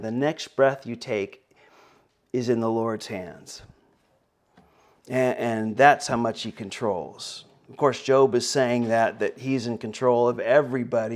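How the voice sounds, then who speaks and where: A middle-aged male pastor giving a conversational sermon, with frequent fillers and restarts. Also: medium pitch.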